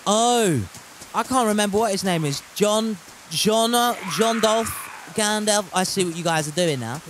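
A man's voice: high-pitched, normal speed, background noise. A man streaming a survival game, chatting and joking, swearing freely and reading the chat aloud. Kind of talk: casual gameplay commentary.

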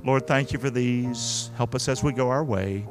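A man preaching as pastor, pleading and repeating himself, moving between hushed prayer and loud exhortation in a large church hall. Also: mid-range voice, normal speed, music in the background. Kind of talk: sermon and altar call.

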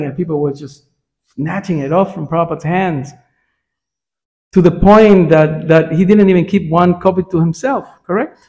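A man's voice: fairly high pitch, creaky, warm tone. A man teaching a scripture class in a temple, in a conversational way that keeps checking in with his listeners. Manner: frequent "right?" check-ins with listeners.

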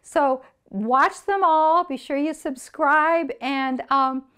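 High-pitched lady walking through a kids' song, playful, does animal noises. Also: slow. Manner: bright, playful, animal sounds for kids. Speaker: children's music teacher. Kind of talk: friendly song demonstration.

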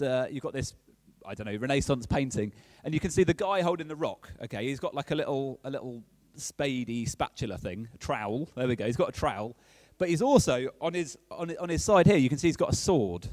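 A man's voice: on the high side, a little mellow, no echo. A man giving a casual, conversational sermon as a preacher, often checking in with his listeners. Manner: chatty, checks in with "okay?" often.

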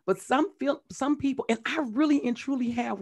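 A woman's voice: sits high, a little fast, slightly rough. A woman in her fifties hosting an interview, talking in an emphatic, personal way and often checking in with "right?". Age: 50s. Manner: emphatic and personal, repeats "really and truly" and "right?". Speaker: host. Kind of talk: casual interview chat.

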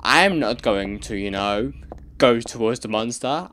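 A man giving casual gameplay commentary, reacting out loud and muttering to himself as he plays. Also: medium pitch, lively intonation, a little slow, a little hiss or hum. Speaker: let's play gamer.

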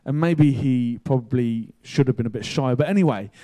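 Chatty male preacher with a mellow voice. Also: mid-range voice, normal speed. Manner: casual and chatty, excitable when telling the story. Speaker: pastor. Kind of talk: sermon with an animated story.

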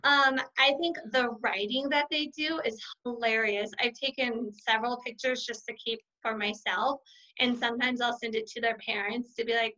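A woman kindergarten teacher with a bright, forceful voice that sits a little high, telling stories in an interview and acting out what others said. She is middle-aged and talks in an animated, warm way. The sound is dull and lo-fi. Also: moderate pace. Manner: warm, animated storyteller who acts out quotes. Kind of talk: casual interview answers.

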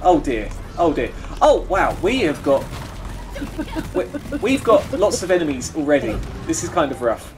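A man's voice: on the high side, big pitch swings, moderate pace, music in the background. A man streaming a co-op game, chatting casually, rambling with restarts and giggles. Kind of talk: casual gameplay chat.

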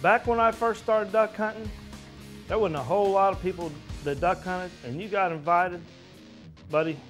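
A duck hunter tells wry, folksy stories. His voice is a touch high for a man, and guitar music plays under it. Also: moderate pace, a bit bright. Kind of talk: casual storytelling.

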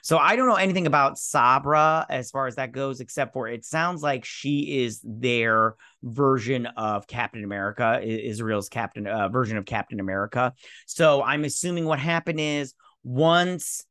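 A man of medium pitch hosts his own fan news channel. He reads an article aloud and comments on it loosely, with plenty of fillers and false starts. His voice is close and dry, with no room sound. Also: normal speed, pushed and bright, dry recording. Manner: chatty and rambling, with many fillers and restarts. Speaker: host of a geek news channel. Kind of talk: casual reaction video, reading news aloud.

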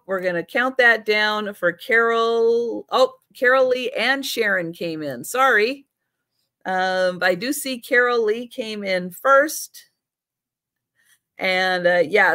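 A middle-aged woman hosts a live vintage sale, chatting casually and talking baby talk to her pets between items. Her medium-pitched voice is a bit bright, and the recording is dry and studio quality.

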